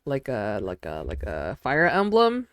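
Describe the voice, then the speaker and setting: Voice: mid-range voice, huge pitch swings, measured pace, clear, resonant tone, no echo, clean studio sound. A streamer chatting casually with their audience while drawing. They ramble with lots of fillers and giggle often.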